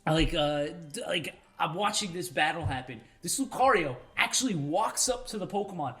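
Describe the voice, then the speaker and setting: Excitable high-voiced young man. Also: normal speed, hardly any pauses. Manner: animated, excitable, breaks into laughter and shouts. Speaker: podcast co-host. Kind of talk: excited casual chat.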